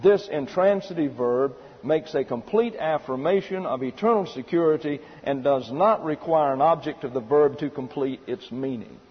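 A man's voice: on the high side, normal speed, few pauses, husky. A male preacher giving methodical, point-by-point Bible teaching in a sermon, with emphatic rhetorical questions. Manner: methodical, outlining by numbered subpoints. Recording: muffled sound with long hall reverb.

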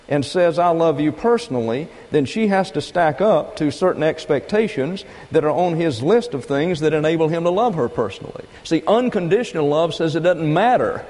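A man preaching a doctrinal sermon, teaching in a measured, methodical way and repeating key phrases. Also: a little high, a little mellow. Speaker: pastor. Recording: long reverb of a large hall.

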